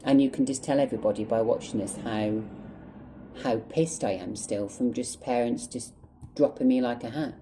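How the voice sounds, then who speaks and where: A man's voice: mid-range voice, normal speed, warm tone, slight background noise, rough recording. A man telling a story to the camera in an angry, emotional way, swearing a lot and close to tears. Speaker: vlogger. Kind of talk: storytime vlog monologue.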